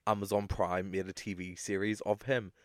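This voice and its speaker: A young man co-hosting a podcast in casual, sweary, animated chat. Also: low-pitched, moderate pace, dry recording, studio quality. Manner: chatty, swearing, animated with playful put-on voices. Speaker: podcast co-host.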